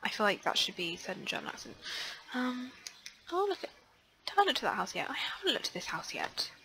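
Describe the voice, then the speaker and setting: A young woman chatting casually through a life-sim let's play, excitable, gasping and filling pauses with ums. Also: fairly high pitch, vocal fry, rough recording. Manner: chatty and excitable, frequent gasps and fillers. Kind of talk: casual gameplay commentary.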